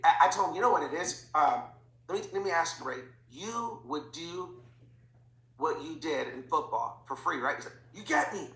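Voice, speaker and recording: Hyped-up guy telling stories, acts out all the back and forth, sharp bright voice in an echoey room. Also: fairly high pitch, normal speed. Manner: animated, acts out quoted dialogue. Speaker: podcast guest, financial educator. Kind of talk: energetic storytelling interview.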